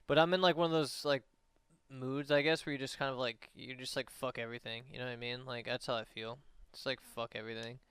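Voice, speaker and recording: A man's voice: medium pitch, fairly even intonation, fairly quick, fairly bright tone, smooth, no room sound. A young man on a casual livestream, talking in a rambling, profane way with lots of fillers.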